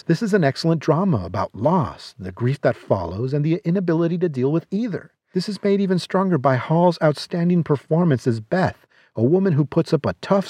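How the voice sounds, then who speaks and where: Man reviewing films, wry, lively pitch, dry close sound. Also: dry recording. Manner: wry, sardonic delivery. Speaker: film reviewer. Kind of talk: scripted countdown review.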